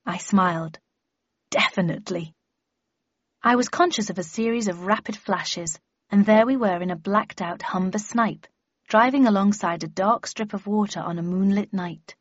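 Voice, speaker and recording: Brief: husky woman, first-person audiobook narration, dry close mic, dull sound. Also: mid-range voice, normal speed, no room sound. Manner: steady storytelling reading.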